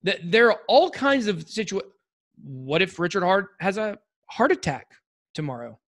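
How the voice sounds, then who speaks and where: A man's voice: high-pitched, big pitch swings, moderate pace, a bit bright. A man co-hosting a podcast in casual chat, rambling and joking with lots of restarts and fillers. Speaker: podcast co-host.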